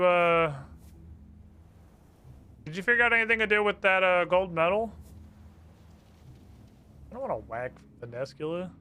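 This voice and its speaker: A man's voice: a little high, bright, forceful tone, clean tone. A male streamer chatting casually and animatedly over gameplay, full of fillers.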